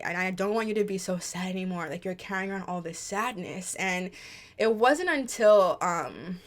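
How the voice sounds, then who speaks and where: Young woman, personal vlog host, soft-spoken, thoughtful and open. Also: mid-range voice. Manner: soft-spoken, reflective, with frequent fillers. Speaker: YouTuber.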